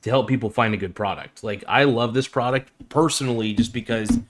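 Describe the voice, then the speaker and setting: A man's voice: medium pitch, fairly quick. A man hosting a live-streamed phone review, talking casually with lots of fillers, restarts and enthusiastic asides. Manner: enthusiastic fan, easily impressed.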